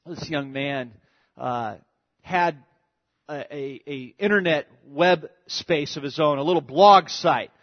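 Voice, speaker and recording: A male preacher telling a story in a sermon, conversational and animated. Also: on the high side, slow. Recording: dull echoey hall recording.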